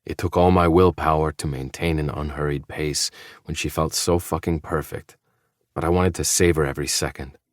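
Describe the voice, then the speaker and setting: A man narrating a first-person novel in an audiobook, with a measured, low-key, intimate reading. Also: fairly even intonation, dry recording, studio quality.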